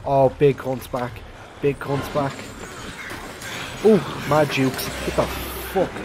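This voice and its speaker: A man doing let's play commentary on a horror game, excitable and swearing, yelping when startled. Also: medium pitch, takes it slowly, noisy background. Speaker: gaming YouTuber. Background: game music.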